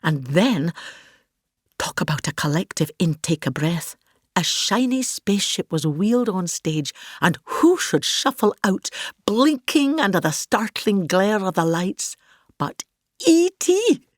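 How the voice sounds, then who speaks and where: A woman's voice: on the low side, big pitch swings, unhurried, dry recording, studio quality. A woman with a Scottish accent playing a vain, grandiose older actress in a scripted comic monologue, pompous and gossipy. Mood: grand.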